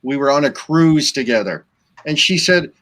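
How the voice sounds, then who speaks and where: A man hosting a panel livestream, speaking in a relaxed, conversational way. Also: on the high side, moderate pace. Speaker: host.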